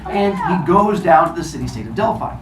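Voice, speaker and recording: A man improvises a playful story for children, his narration lively and animated. He sounds set back from the mic in an echoey room. A faint noise hangs behind him. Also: high voice, fairly quick.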